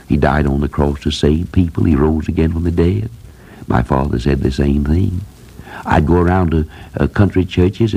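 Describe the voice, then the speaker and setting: Gravelly deep-voiced older preacher. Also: male voice, warm tone. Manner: earnest, rising to emphatic repetition. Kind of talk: radio sermon.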